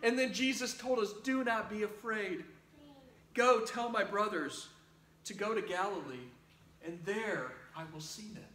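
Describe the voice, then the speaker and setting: High bright-voiced pastor telling a dramatic easter story, echoey church. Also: male voice, measured pace, slight background noise. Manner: dramatic, acts out news-report voices. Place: church sanctuary.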